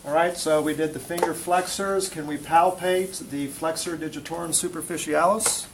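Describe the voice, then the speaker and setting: A man's voice: a little high, steady tone, moderate pace, background noise. A male instructor teaching a classroom lesson, quizzing students as he demonstrates muscle testing on a volunteer. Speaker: physical therapy instructor.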